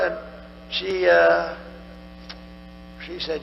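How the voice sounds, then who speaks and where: A heavily gravelly, somewhat high-pitched older man holds forth at a political rally, wandering and boastful, circling back to the same phrases. His voice sounds strained from overuse. It rings through a large hall with long reverb, the sound dull and lo-fi over a steady hum. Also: takes it slowly, long pauses. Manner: rambling, repetitive, boastful. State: strained, tiring voice. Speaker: political candidate. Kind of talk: campaign rally speech. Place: large rally venue with a crowd.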